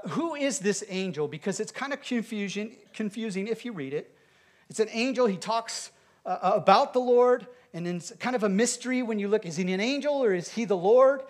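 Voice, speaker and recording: A pastor delivers a sermon in a high, bright male voice. He preaches with emphasis and pushes up to loud, declared lines for the congregation. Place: church sanctuary.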